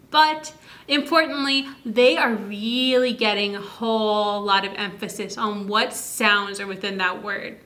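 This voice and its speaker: Bright, encouraging woman teaching parents. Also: medium pitch. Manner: slow, stretched-out words to demonstrate sounds. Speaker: early literacy educator. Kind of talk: instructional video talk to parents.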